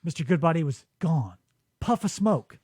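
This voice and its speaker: High, lively man telling stories. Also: slightly rough, no room sound, clean studio sound. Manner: animated, jumps into quick voices and laughs a lot. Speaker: podcast host. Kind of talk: casual comedic storytelling. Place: radio studio.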